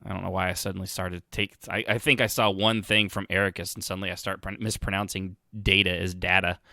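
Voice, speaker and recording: A man's voice: low-pitched, little pitch movement, fast talker, creaky, bright, forceful tone, no echo, clean studio sound. A man hosting a podcast, rambling through casual commentary with sarcastic asides and frequent restarts. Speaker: podcast host.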